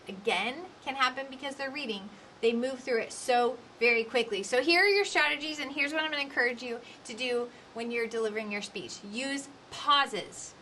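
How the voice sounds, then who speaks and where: A woman in her forties giving a lively coaching lecture on public speaking, with varied emphasis. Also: on the high side, slight background noise. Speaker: instructor.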